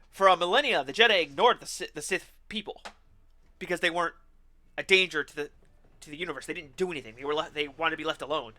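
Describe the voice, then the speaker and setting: A streamer man with a high voice and a piercing, very bright tone. He rants sarcastically and with animation while playing a game, swearing freely. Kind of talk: ranting commentary while gaming.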